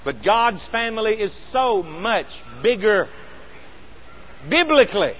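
A middle-aged man preaching a sermon, earnest and storytelling, slowing down with emphatic pauses. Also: high voice, animated, muffled recording, a little hiss or hum.

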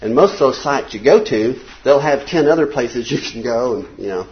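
An older man, teaching a casual Bible class in a small church classroom, folksy and conversational, reading quotes slowly. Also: medium pitch, lively intonation, highs cut off.

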